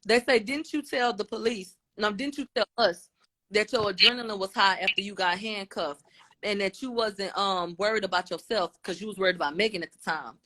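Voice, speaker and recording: A woman's voice: mid-range voice, brisk, pushed and bright. A woman giving a casual, blunt recap of courtroom testimony, voicing both the questions and the answers in turn. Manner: informal, blunt, with slang. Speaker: commentator.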